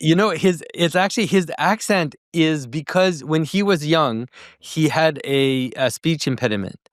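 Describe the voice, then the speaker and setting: Earnest middle-aged man, smooth and dry. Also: fairly high pitch, measured pace, no room sound. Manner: earnest, reflective. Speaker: podcast host. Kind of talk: conversational interview.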